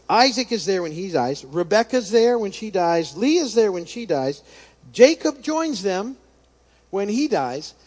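A man with a slightly higher-than-average voice leads a relaxed Bible study lesson. He talks the way he thinks, circling back with restarts and fillers. He shifts easily into reading scripture aloud. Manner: reads scripture passages aloud. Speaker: Bible teacher. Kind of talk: casual Bible study talk.

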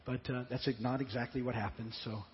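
A man's voice: mid-range voice, steady tone, a little fast. A male pastor giving a sermon, retelling a story conversationally and often stammering and repeating words. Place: church sanctuary. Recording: dull lo-fi church recording with long reverb.

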